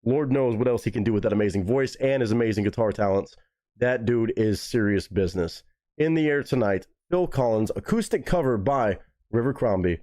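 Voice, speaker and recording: A young man hosting a live music reaction stream, talking casually and excitedly to his chat with plenty of swearing. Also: mid-range voice, fairly quick. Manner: excitable, profane, talks straight to chat.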